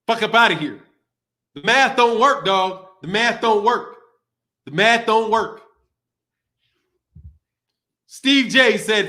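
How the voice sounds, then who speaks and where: Here the boxing host's voice is very high and sharp, with lively intonation, but he goes slowly and leaves long pauses. It's still a profane, heated livestream rant, full of laughter and repetition.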